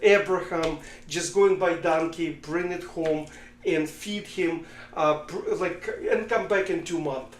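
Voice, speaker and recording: A man voicing a calm, wise old rabbi giving reassuring advice. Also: a little high, measured pace, echoey room, natural voice.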